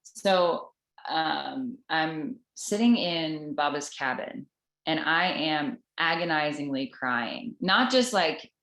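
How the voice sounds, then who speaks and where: Woman, low voice, earnest halting testimony, roomy echoing room. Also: lively intonation, fairly bright tone. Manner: earnest and halting, with many restarts. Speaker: member sharing a personal story with a group. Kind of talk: personal spiritual testimony.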